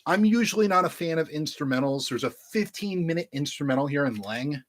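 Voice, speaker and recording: A man's voice: on the high side, animated, brisk. A man casually showing off his vinyl records to camera, rambling and joking crudely as he talks straight to his viewers through a webcam. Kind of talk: casual unboxing chat to camera.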